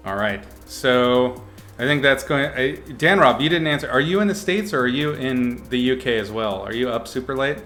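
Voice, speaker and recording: A man with an expressive mid-range voice and a fairly bright tone talks at normal speed, with faint music in the background. An art instructor on a livestream, he gives casual critiques in a playful, upbeat way, joking with mock brutality.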